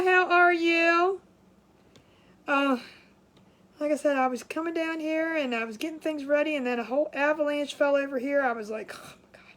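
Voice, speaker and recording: Chatty woman livestreaming her crafts, a bit out of breath, higher-pitched voice. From Maryland, USA. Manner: chatty, greets viewers by name. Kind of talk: casual live chat while crafting.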